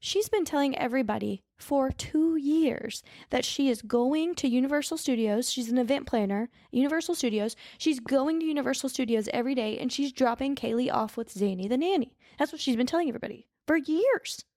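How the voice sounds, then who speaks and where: Chatty woman with a gravelly voice. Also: high-pitched, expressive, brisk, few pauses, darkish tone, no echo, clean studio sound. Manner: chatty, mixes up names and corrects herself. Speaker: podcast co-host. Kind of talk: casual true-crime storytelling.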